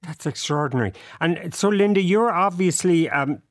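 Attentive higher-voiced male interviewer. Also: expressive, normal speed. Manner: attentive, hesitant questioning. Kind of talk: interview questions.

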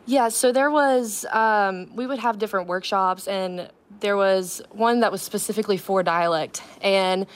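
A woman's voice: medium pitch, a little slow, few pauses. A young woman, a drama student, answering a radio host's questions earnestly, with plenty of "um" and "like". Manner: earnest, many fillers. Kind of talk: casual radio interview.

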